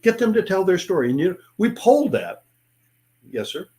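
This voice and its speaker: Animated older man telling sales stories. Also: high voice, moderate pace. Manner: animated, acts out sales dialogues in different voices. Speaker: sales speaker and author. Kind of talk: interview guest storytelling.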